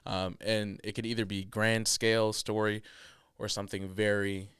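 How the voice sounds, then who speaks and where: Smooth low-voiced man telling a rambling story. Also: level tone, moderate pace, a bit bright, dry recording, clean studio sound. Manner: rambling storyteller, lots of ums. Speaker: podcast host. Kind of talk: casual podcast banter.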